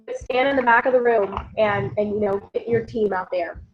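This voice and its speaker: A woman, a team leader giving an energetic motivational recap who keeps calling her listeners "guys". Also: mid-range voice, normal speed. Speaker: network marketing team leader. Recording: dull lo-fi sound.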